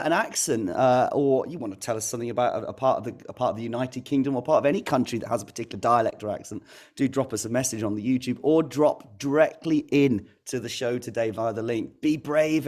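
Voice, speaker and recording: Relaxed man co-hosting school radio. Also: mid-range voice, fast. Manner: relaxed, filler-heavy. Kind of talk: casual live chat.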